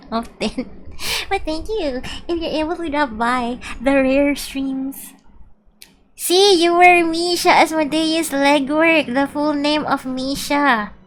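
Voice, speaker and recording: A woman's voice: high voice, slight background noise. A woman chatting bubbly and casually with viewers while playing a game on stream. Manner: chatty and bubbly, reading out chat.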